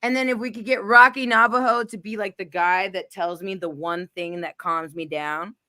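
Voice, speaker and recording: A woman hosting a casual chat, excitable and rambling, with lots of "like" as she talks. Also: mid-range voice, moderate pace. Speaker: host.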